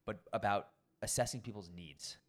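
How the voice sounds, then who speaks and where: Young male sommelier guest, low-ish voice, lively casual storyteller who swears freely. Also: normal speed. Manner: animated, acts out quoted people, frequent swearing.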